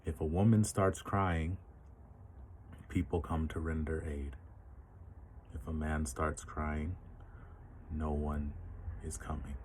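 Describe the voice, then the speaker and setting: A man giving a reflective monologue in a measured way, posing rhetorical questions to the listener. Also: a bass voice, flat delivery, darkish tone, slight background noise. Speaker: commentator.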